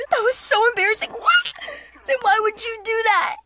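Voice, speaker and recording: Excitable young woman reacting, high and bright. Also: normal speed, faint music behind. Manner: excitable, squealing and laughing, with sudden shouts. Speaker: anime reaction vlogger. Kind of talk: casual reaction commentary.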